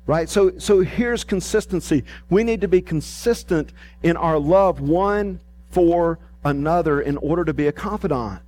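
Male pastor, lively pulpit delivery, voice a touch high. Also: unhurried. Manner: animated preaching, rising emphatic and dropping soft. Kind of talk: sermon.

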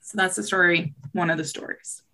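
Chatty young woman with vocal fry. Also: fairly low pitch, brisk. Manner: chatty and relaxed, with wry asides. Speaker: podcast host. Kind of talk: casual storytelling chat.

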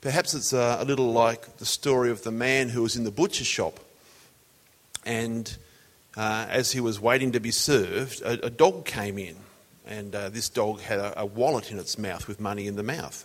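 A man preaching a sermon in a conversational, storytelling way. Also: on the low side. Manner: conversational, tells jokes as illustrations. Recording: long hall reverb.

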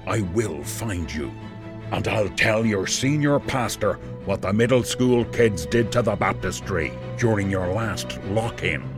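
A man playing a calm, menacing caller who slowly spells out a threat, in a low measured voice. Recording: over dramatic music.

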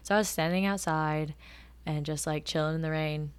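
A woman in her twenties hosting a podcast, telling stories in a casual, animated way and acting out the quotes. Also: sits low, normal speed, clean tone. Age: 20s. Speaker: podcast host. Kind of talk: casual storytelling.

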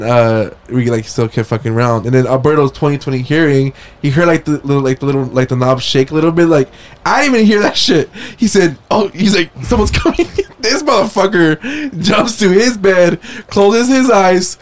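A man co-hosting a podcast, telling a story in casual, swearing-heavy talk and cutting in often. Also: mid-range voice. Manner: animated, swears a lot, keeps interrupting. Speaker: podcast co-host.

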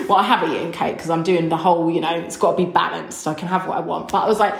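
A woman's voice: lowish voice, fast, vocal fry, hardly any pauses, reverberant. A woman hosting a podcast, talking frankly and emotionally in a chatty way. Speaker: podcast host. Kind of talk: candid solo podcast talk.

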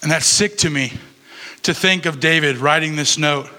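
A young man gives a youth sermon in an easygoing, conversational way, stumbling over a word here and there. His voice sits a little high and sounds bright and forward. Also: moderate pace. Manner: casual, conversational preaching with fillers. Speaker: youth pastor.

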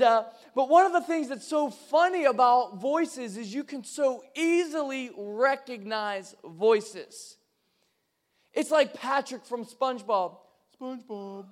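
A young man preaching a sermon, lively and joking as he talks with his congregation. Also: very high voice. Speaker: pastor.

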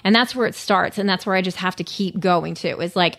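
A woman's voice: medium pitch, a little fast, a bit bright. Earnest rambling woman in casual chat. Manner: earnest, rambling, lots of fillers. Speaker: guest sharing recovery story.

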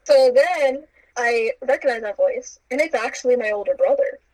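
A woman's voice: a little high, moderate pace, no room sound, poor audio. A young woman casually recounting a story, acting out the quoted lines with playful asides. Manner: animated, acts out quotes with playful asides and laughs.

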